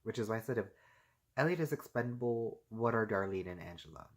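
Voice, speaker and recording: Man, low-ish voice, loose chatty recap vlogger, filler-heavy, laughs a lot. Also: lively intonation, brisk. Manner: rambling, heavy filler "like" and "and stuff like this"; laughs often while talking. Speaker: TV episode recapper. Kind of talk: casual recap vlog.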